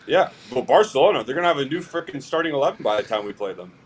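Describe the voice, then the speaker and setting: A man's voice: mid-range voice, animated, rapid-fire, a little hiss or hum. A man calling into a casual show, laying out his points in a matter-of-fact, laid-back way. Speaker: caller. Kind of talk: casual call-in chat.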